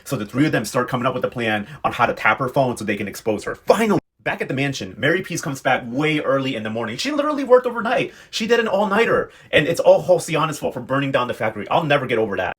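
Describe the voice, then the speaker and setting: A man's voice: on the high side, fairly bright tone, breathy edge. A man giving a sassy, slangy, casual recap of a soap opera, talking straight to his viewers. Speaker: telenovela recap vlogger.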